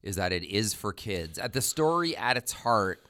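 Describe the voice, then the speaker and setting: A man's voice: on the low side, very animated, moderate pace, pushed and bright. A middle-aged man co-hosting a podcast, musing and joking casually with loose restarts. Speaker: podcast co-host. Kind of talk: casual chat.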